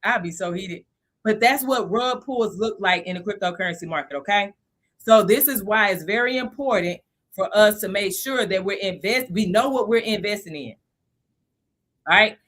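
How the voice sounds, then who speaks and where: A woman in her thirties hosting a casual live stream about investing, chatty and animated, laughing often. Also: mid-range voice, normal speed.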